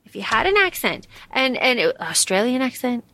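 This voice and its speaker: A woman's voice: fairly high pitch, dry recording. A woman co-hosting a podcast, chatting casually and dramatically about a book she reviews, venting her dislikes. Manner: animated, dramatic, quick to vent strong dislike. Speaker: podcast co-host.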